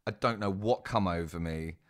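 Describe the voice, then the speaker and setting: A young man tells a casual story in a very deep, low voice. He is chatty and self-mocking, often turning to his listeners with asides. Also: normal speed. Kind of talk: casual spoken anecdote.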